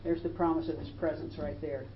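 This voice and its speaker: A woman's voice: deep voice, little pitch movement, brisk. A woman preaching a sermon, building emphasis and lifting her voice when quoting scripture. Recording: roomy, dull, faint hiss.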